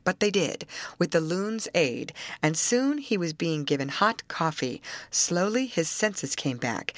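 Female audiobook narrator, lively intonation, lowish voice, dry close recording. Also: no room sound. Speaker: audiobook reader.

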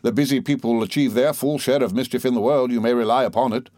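A man's voice: medium pitch, steady tone, fast talker, darkish tone, no room sound, clean studio sound, natural voice. A man voicing a grave, cautious middle-aged male lawyer who talks in a pointed, hesitant way. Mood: wry.

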